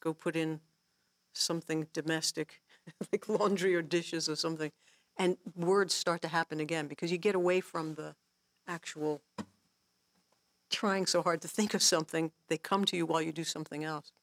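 Woman songwriter and teacher, slight fry in the voice, chatty and animated, laughs easily. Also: sits low, normal speed, no echo. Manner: animated storyteller, acts out her own inner voice; laughs often while explaining. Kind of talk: casual workshop talk.

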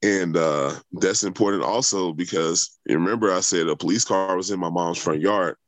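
A man's voice: low voice, moderate pace, no echo. A young adult man telling a long personal story in conversation, rambling with many fillers and restarts. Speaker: interviewee.

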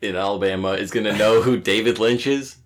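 A playful man co-hosting a casual podcast, laughing often, with a hoarse voice. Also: a little fast. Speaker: podcast co-host. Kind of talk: casual chat. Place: bedroom. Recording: roomy low-quality recording.

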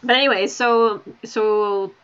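A woman's voice: medium pitch, steady tone, slow, dull audio, crowd noise. A woman interviewing a guest in a casual, chatty, self-deprecating way.

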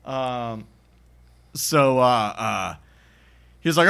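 A man co-hosting a podcast casually recaps a film's plot, rambling and acting out the characters' lines with bursts of laughter. His medium-pitched voice is sharp, with lively intonation at normal speed.

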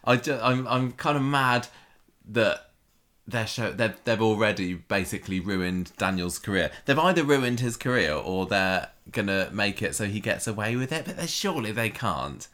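A woman co-hosting a casual podcast, opinionated and quick with her asides. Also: very deep voice, expressive, a bit bright. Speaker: podcast co-host. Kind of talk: casual soap recap chat.

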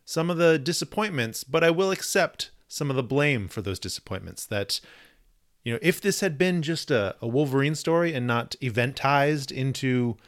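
A man's voice: medium pitch, expressive, normal speed. A man co-hosting a podcast in casual chat, playful and rambling, often restarting his sentences. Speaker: podcast co-host.

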